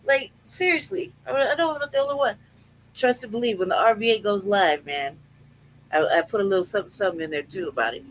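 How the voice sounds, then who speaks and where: A podcast host talks in a loose, profane rant at an ordinary middle pitch. They keep breaking into laughter and ask themselves questions out loud. The delivery is plain, unscripted chat. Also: quick pace, slight background noise, low-quality recording. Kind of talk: casual chat.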